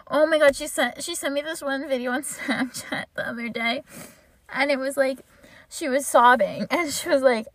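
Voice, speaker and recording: A woman's voice: fairly high pitch, no echo. A young woman hosting a casual solo podcast, chatting in a gushing way with lots of "like.". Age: young adult. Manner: chatty, gushing, heavy use of "like". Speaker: podcast host.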